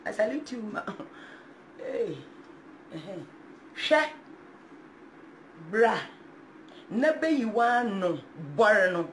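A woman's voice: a little high, lively intonation, slow pace, pauses often, fairly bright tone. Ghanaian woman in her 20s, defiant, flips between twi and english, reads psalms out, bit of hiss in the back. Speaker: mother speaking out. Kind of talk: emotional social media live video.

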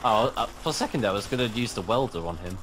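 A man's voice: lowish voice, animated, fast talker, slight background noise. A man with a mixed British accent chatting and giggling while playing a game with a friend. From Britain. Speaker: gamer co-host. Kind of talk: casual gaming chat.

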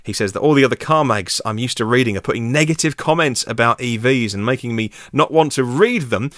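A man's voice: medium pitch, a little fast, fairly bright tone, dry recording, studio quality. A man hosting a solo news podcast, chatty and self-deprecating with rambling asides. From United Kingdom. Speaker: podcast host.

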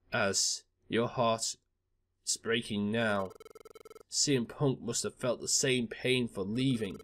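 A man voicing an older, wise male Pokémon in a deep, hushed voice while reading game dialogue aloud. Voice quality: low, hushed delivery.

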